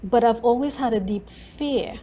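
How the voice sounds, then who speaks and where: A woman in her thirties, a guest in an interview, telling her story in an animated way, full of repeated "and"s and acting out her own words. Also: on the high side, a little slow, slight background noise, low-quality recording. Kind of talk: conversational interview.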